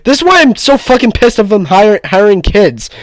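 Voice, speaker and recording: A man's voice: sits high, sing-song, moderate pace, no room sound. A man in casual chat, telling a story with a lot of cursing and heat. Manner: profane, heated storytelling.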